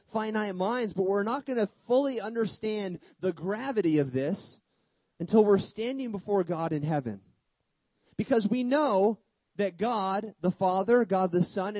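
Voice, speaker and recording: A man preaching a sermon with emphatic delivery, rhetorical questions, sudden hushed drops and casual humorous asides. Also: high-pitched, dry recording, poor audio.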